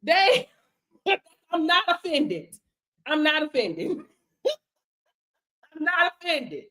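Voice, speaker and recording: A woman's voice: high-pitched, sing-song, slow pace, sharp tone. A woman hosting a casual livestream, preaching and laughing in a sassy, colloquial way as a business mentor. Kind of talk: casual motivational livestream talk. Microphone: streaming setup.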